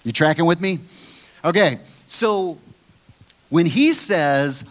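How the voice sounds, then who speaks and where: A man preaching a sermon, blunt and animated, often putting questions to his listeners. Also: fairly high pitch, a little slow.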